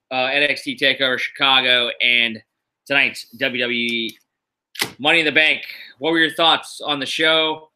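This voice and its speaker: A man's voice: a little high, pushed and bright, rough recording. A middle-aged man from the US East Coast, hosting a wrestling show on a live stream at home, rambling with fillers and sounding tired. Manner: rambling, many fillers, tired but upbeat. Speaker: wrestling podcast host. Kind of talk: casual live-stream chat. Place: home room.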